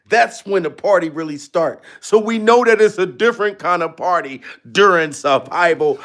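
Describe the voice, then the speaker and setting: High-voiced man ranting with profane humor. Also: lively intonation, normal speed, hardly any pauses. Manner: loud, profane, repeats a catchphrase. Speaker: commentary vlogger. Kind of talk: comedic reaction commentary.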